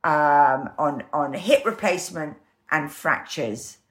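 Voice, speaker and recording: Animated woman in her fifties. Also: deep voice, takes it slowly. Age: 50s. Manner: animated, acts out quoted voices. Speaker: guest. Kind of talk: candid conversational storytelling.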